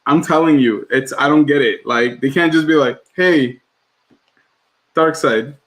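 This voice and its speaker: A man's voice: mid-range voice, a little fast, rough recording. A man co-hosting a casual livestream podcast from home, rambling and laughing often. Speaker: podcast co-host.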